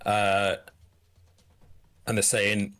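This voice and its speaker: A man narrating as game master of a tabletop game, halting and restarting as he describes the scene. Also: fairly low pitch, completely flat delivery, fairly bright tone, clear, resonant tone.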